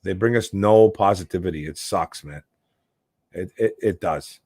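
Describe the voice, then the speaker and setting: Michigan sports talk host, frustrated rambling delivery, dry close sound. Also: male voice, low voice, normal speed, darkish tone, no room sound. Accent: Detroit, Michigan. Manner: frustrated, rambling, calls listeners bro and man. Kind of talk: casual sports talk, reading chat questions.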